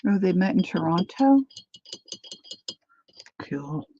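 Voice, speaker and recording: A woman's voice: lowish voice, sing-song, takes it slowly, mellow, dry recording, muffled recording. A woman hosting a casual live crafting demo, chatting as she thinks aloud and answers viewer comments. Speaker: craft livestream host.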